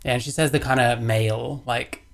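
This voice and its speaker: A gravelly woman from England talks over clips on her livestream. Her commentary is sardonic and rambling, full of mocking asides. The tone stays casual and offhand throughout. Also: rumbling low, steady tone, moderate pace. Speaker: livestream host reacting to clips.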